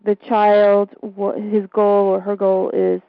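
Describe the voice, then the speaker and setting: Gravelly-voiced woman hosting a radio chat. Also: mid-range voice, completely flat delivery, slow pace, no echo, highs cut off. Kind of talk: casual interview.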